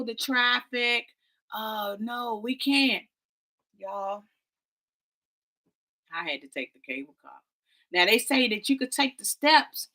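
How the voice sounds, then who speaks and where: Female vlog co-host, dramatic storyteller, bright tone. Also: fairly high pitch. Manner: animated, dramatic storytelling with y'all and quoted voices. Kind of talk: casual travel storytelling.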